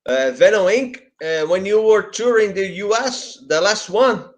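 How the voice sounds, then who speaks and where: A male host with a high voice asks halting questions over a video call. He mostly gives short back-channel replies between his guest's stories. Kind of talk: casual interview questions.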